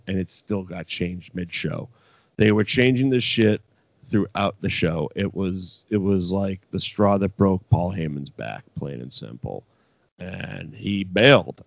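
A man co-hosting a podcast, talking in a profane, animated, casual way. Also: sits low, creaky, dry recording, dull audio. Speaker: podcast co-host. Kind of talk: casual chat.

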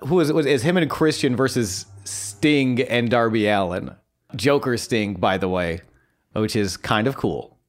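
A man chatting casually as a podcast co-host in a mid-range voice. He gets excitable and swears freely, turning his stories into self-mocking bits. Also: medium pitch, a little slow.

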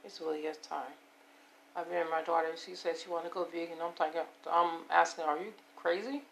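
A woman in her fifties with a hoarse voice, rambling and repeating herself as she talks to her viewers about taking care of herself. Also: lowish voice, level tone, brisk, fairly bright tone, a little hiss or hum. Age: 50s. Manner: rambling, repetitive, self-affirming. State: hoarse, voice giving out. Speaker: vlogger. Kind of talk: casual personal monologue.

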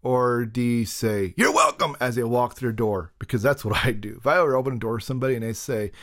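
Male podcast host, casual rambling solo monologue, jokey and self-deprecating, mid-pitched voice. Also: steady tone, quick pace.

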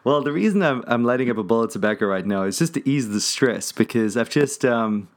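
A man's voice: medium pitch, animated, brisk. A man hosting a podcast, chatting in an easygoing, talkative way and laughing easily. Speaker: podcast host. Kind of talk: casual chat.

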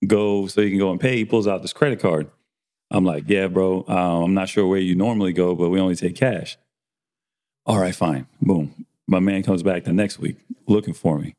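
Man, low voice, casual storytelling, animated, acts out dialogue, swears. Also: moderate pace. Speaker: barber and podcast host.

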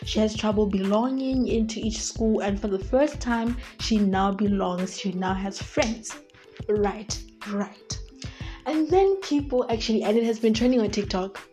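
A woman's voice: mid-range voice, measured pace, warm tone, faint music behind. A woman hosting a podcast in a casual commentary monologue, emphatic and repeating her points while talking straight to her listeners. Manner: emphatic, repeats herself, addresses listeners as guys. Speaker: podcast host.

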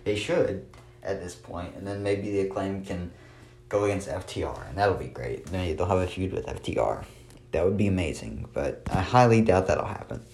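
A man's voice: low-pitched, lively intonation, normal speed, darkish tone. A man recapping a wrestling show in a casual solo review, dry and sarcastic, with lots of filler words.

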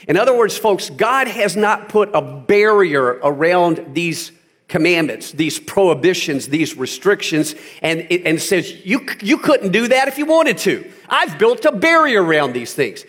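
A male pastor preaching a sermon, driving points home with emphatic repetition and rising to loud peaks. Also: high-pitched, expressive, unhurried.

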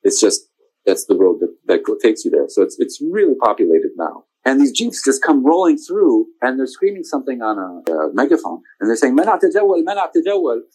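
A man in his forties tells a long personal story as an interview guest, speaking at a medium pitch in a casual tone. He gets animated when he acts out what other people said, and he laughs often along the way. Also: brisk, low-quality recording. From United States.

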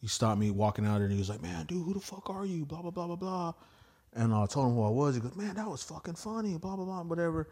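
A man who does stand-up comedy, telling stories as a podcast guest in a loose, profane, slangy way, acting out what others said in lively quoted voices. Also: on the high side, fast. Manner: profane and slangy, peppered with "bro" and "dude". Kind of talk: casual storytelling.

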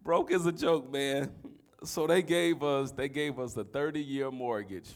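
A middle-aged man, preaching a sermon that swings from soft storytelling to shouting. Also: medium pitch, measured pace. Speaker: pastor.

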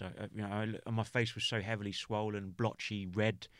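A man from the United Kingdom, a podcast guest, recounting a personal story in a halting way, full of restarts and "you know" fillers. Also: fairly low pitch, level tone, fairly bright tone, no room sound.

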